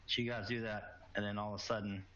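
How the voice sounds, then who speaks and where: A man's voice: lowish voice, little pitch movement, quick pace, bright, forceful tone. A man narrating as game master in a tabletop game, casual and loose with fillers. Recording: muffled lo-fi recording.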